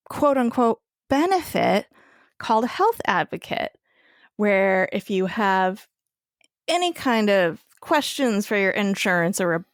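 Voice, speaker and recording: A woman co-hosting a podcast, telling a personal story in a casual, animated way and swearing freely. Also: medium pitch, dry recording, clean studio sound. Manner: animated, swears freely, acts out quoted voices. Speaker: podcast co-host.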